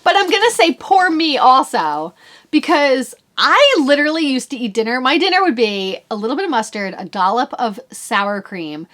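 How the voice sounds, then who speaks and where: A woman's voice: sits high, sing-song, normal speed, fairly bright tone. A woman in her forties hosting a knitting podcast, chatting casually as she shows off her purchases, rambling and poking fun at herself. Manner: chatty, rambling, self-mocking. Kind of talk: casual show-and-tell chat.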